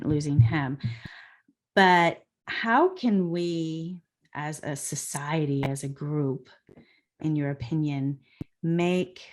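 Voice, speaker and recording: Lady podcast host, real low voice, slow and thoughtful, feels her way through questions. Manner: thoughtful, searching for words. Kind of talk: interview questions.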